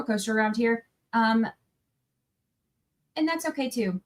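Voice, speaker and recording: A woman's voice: a little high, expressive, a little slow, rough recording. A woman chatting casually on a livestream, rambling and breaking off mid-sentence, tired from little sleep. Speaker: livestream trial commentator.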